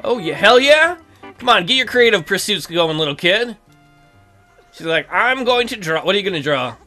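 Excitable high-voiced male game commentator. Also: moderate pace, faint music behind. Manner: excitable and jokey, swears freely. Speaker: let's play host. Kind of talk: casual gameplay commentary.

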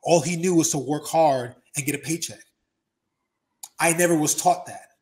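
Man, thirties, slightly high-pitched, animated storyteller, casual profane interview talk. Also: moderate pace. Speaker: interview guest, former pro wrestler.

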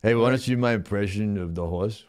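A man's voice: lowish voice, a little fast, a little mellow, smooth, lightly acted. A man playing a brash, goofy male show host in a Stallone style, speaking in a mumbling tough-guy drawl on a live comedy show. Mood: jokey. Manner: goofy, cheerfully bossing the sidekick and crew.

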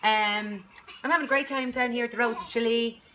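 A woman's voice: a little high, steady tone, a little fast, natural voice. A woman playing a brash young Dublin mum who teaches dance, blunt and slangy, in a Dublin accent. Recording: distant mic with background noise.

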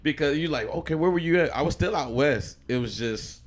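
A man's voice: a little high, expressive, a little fast. A man from Chicago, a podcast guest, telling his life story in a loose, rambling way with many restarts and fillers. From Chicago, USA. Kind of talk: casual interview storytelling.

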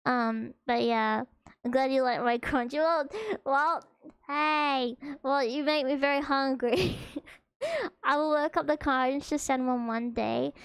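A woman's voice: high-pitched, takes it slowly, fairly bright tone, no echo. A young woman with an Australian accent, chatting casually with viewers as a streamer in a hesitant, rambling, emotional way.

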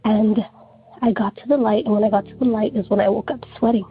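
A woman's voice: medium pitch, fairly even intonation, fast talker. A woman calling in to tell a story in a rambling, casual way, filling her sentences with "like.". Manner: rambling, heavy use of "like". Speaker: caller. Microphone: telephone. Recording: phone line with faint music.

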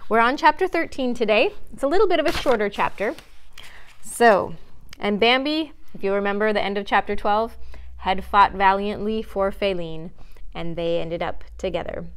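Woman librarian, children's story time reader, expressive, library setting. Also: medium pitch, normal speed, clean tone. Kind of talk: reading a chapter book aloud. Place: public library.

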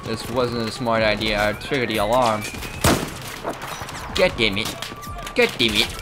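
In this let's play of a shooter game, the male host offers self-deprecating, joking commentary in a lowish, steady voice at a measured pace. Loud music plays behind him and the game's gunfire blares over his speech.

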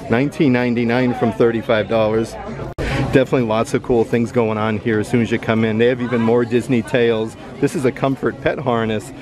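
A man walks through an outlet store with a handheld camera, chatting in an upbeat, casual vlog style. His voice sits at an ordinary middle pitch, and he describes items and prices as he goes. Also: darkish tone. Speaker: vlogger. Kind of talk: casual shopping vlog narration.

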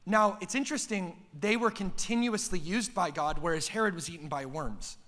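A man preaching a sermon to a church congregation in a casual, slangy way, with big swings in pitch and loudness. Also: normal speed. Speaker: pastor. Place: church sanctuary before a congregation.

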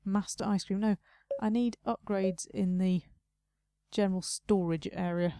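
In this casual let's play, a woman hosting a gaming video mutters to herself and playfully tells off the game's customers. She speaks at a measured pace in a steady, mellow, medium-pitched voice, captured with studio quality and no echo.

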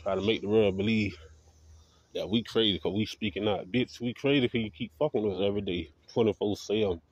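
A man's voice: fairly low pitch, brisk, husky, dry recording. Man ranting profanely on dull lo-fi audio. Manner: confrontational, repetitive, heavy swearing. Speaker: vlogger.

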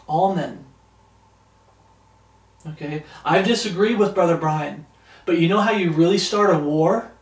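Guy preaching, reads verses slow and loud then talks blunt, highish voice, kinda far off the mic. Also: reverberant. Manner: reads verses slowly with rising emphasis, then comments bluntly. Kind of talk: sermon reading scripture.

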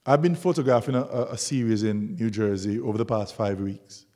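A man's voice: fairly low pitch, fairly quick. A man from Jamaica giving a public artist talk, telling stories animatedly and acting out the dialogue. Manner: animated storyteller who acts out dialogue. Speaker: guest speaker, documentary photographer. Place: museum lecture hall.

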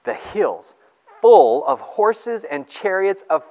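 An enthusiastic man preaches and reads scripture with a lively voice that swoops up and down. He keeps a chatty tone and often laughs between points. His voice rings out with the long echo of a church hall. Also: high-pitched, slow. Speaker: pastor. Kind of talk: sermon with scripture reading.

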